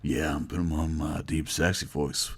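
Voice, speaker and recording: A man putting on a deep, sultry announcer voice for his video viewers. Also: flat delivery, moderate pace, creaky, husky, exaggerated voice. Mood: mock-seductive.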